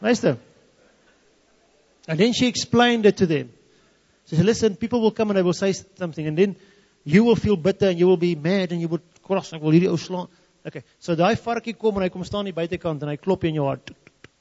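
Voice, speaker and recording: Gravelly Afrikaans South African man in a hall. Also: sits high, fast, darkish tone. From South Africa, Free State. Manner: switches between English and Afrikaans, acts out quoted voices. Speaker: speaker giving a testimony. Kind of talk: storytelling testimony. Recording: dull lo-fi sound in a reverberant hall.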